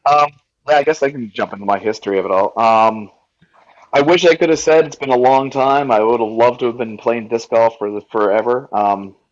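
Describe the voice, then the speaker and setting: A man in his forties from Nova Scotia, a podcast guest telling his story in an easygoing, halting way with many restarts. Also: mid-range voice, dry recording, muffled recording. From Nova Scotia, Canada. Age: 40s. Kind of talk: casual interview.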